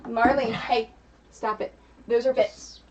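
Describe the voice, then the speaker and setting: A woman's voice: on the high side, steady tone, slow. An American woman hosting a casual crafting livestream, chatting and explaining viewer rewards. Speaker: streamer host. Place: home craft room. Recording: distant, dull lo-fi stream mic with faint noise.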